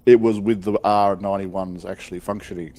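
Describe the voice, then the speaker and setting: A man's voice: sits low, fairly even intonation, a little fast, mellow, a little hiss or hum. A man rambling through an explanation in casual gaming chat, restarting as he goes. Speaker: fellow gamer.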